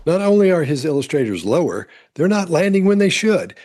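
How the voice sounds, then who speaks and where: A man commenting on courtroom testimony, explaining calmly step by step. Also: on the high side, brisk. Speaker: body-language commentator.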